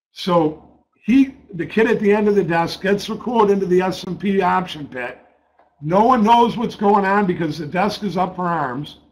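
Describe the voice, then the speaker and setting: On poor-quality audio, a high-voiced middle-aged man casually tells a story from a trading desk. He's blunt and profane, repeating words as he gets worked up.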